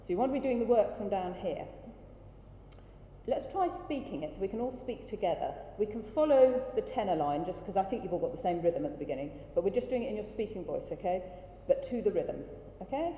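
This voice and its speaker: A woman coaching a choir through a rehearsal, brisk and encouraging, demonstrating sounds as she goes. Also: mid-range voice, lively intonation, a little hiss or hum. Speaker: choir director. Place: large rehearsal hall. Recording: dull roomy hall recording, faint ambience.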